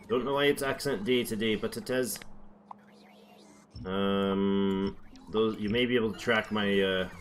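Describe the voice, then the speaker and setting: A man's voice: lowish voice, brisk, slight background noise. A man giving casual gameplay commentary, chatty and thinking aloud as he builds, now and then slipping into playful accents. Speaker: gameplay streamer.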